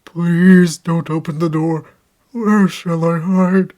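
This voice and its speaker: A man's voice: on the high side, fairly even intonation, unhurried, darkish tone, voice pushed up, close to an everyday voice. A man reading an audiobook, voicing a terrified male tramp who shrieks and pleads frantically.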